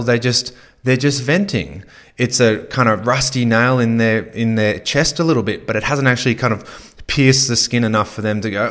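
A man's voice: medium pitch, fairly bright tone. A man hosting a podcast, talking casually with lots of fillers and repeated phrases as he coaches listeners on sales. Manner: conversational, many fillers, repeats himself. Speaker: podcast host.

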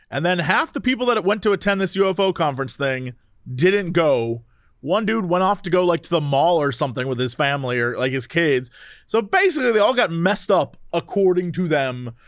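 A woman's voice: deep voice, no room sound, studio quality. A woman co-hosting a podcast in casual chat, rambling and trailing off mid-thought. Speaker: podcast co-host.

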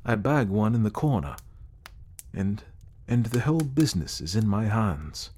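A man voicing an earnest, reflective gentleman who sincerely recounts meeting a ghost, in an audiobook reading. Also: fairly low pitch, expressive, moderate pace, husky. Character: earnest gentleman telling his ghost encounter. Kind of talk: audiobook character voice.

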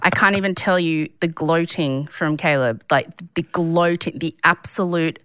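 A woman co-hosting a podcast in casual chat, animated and quick to laugh in disbelief. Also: deep voice, clean tone, no echo, clean studio sound. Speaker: podcast co-host.

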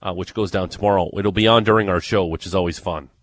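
Low-voiced sports radio host. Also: male voice, fairly even intonation, fast, no room sound, studio quality. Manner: upbeat, reads promos and previews. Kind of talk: casual sports radio chat.

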